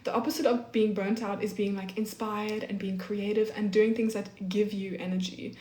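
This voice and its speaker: In an echoey room, a twenty-something streamer talks casually, reads out comments and uses "like" constantly. Her voice is medium-pitched and darkish, with a level tone and moderate pace.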